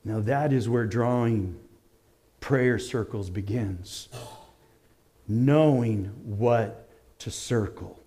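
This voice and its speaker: A man preaching a sermon in an animated way, rising to shouts as he acts out the stories he tells. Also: medium pitch, very slow, long pauses. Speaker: pastor.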